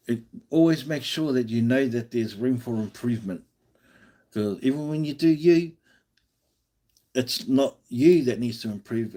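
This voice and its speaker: A man's voice: medium pitch, darkish tone. An Australian man hosting a live stream, chatting casually and encouragingly, often restarting his sentences.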